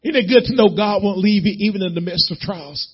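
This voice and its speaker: A man preaching a sermon as pastor of a church, swelling into shouts as he acts out prayers to God. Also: high voice, fairly quick, breathy edge, muffled recording.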